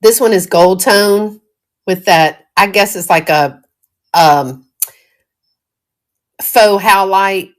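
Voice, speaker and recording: Speaking slowly and pausing often in a medium-pitched voice, a middle-aged Southern woman shows off thrifted jewelry during a relaxed live stream. She's folksy and casual, and frequently breaks into giggles.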